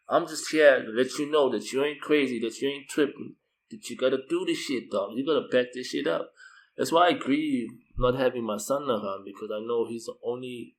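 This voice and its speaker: A man telling a personal story in loose, profane slang, getting loud and high-pitched when he quotes himself. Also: rough recording. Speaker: video storyteller. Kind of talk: casual spoken storytelling.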